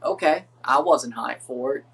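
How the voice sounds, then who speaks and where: Male streamer, loose chatty delivery, average pitch, sits back from the mic. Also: moderate pace, creaky, a bit bright, husky, distant mic. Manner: rambling, chatty, reads lineups aloud. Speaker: streamer hosting a watchalong. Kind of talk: casual live reaction chat.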